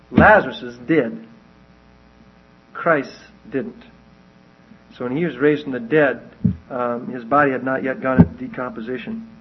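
A man teaching verse by verse from the Bible in a conversational way, often asking his listeners questions. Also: medium pitch. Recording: dull lo-fi recording.

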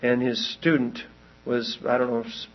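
A man's voice: medium pitch, little pitch movement, normal speed, lo-fi sound. A man preaching a sermon, telling a long story in a loose, rambling way and then pressing his point with rising urgency.

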